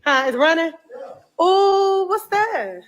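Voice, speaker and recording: Woman w/ a high voice cussing and going ooh lord while she films a cleanout on her phone. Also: big pitch swings, slow. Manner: blunt, profane, exclaiming. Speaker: cleanup crew member filming a house. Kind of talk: casual vlog commentary while working. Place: indoors in a dirty house being cleared.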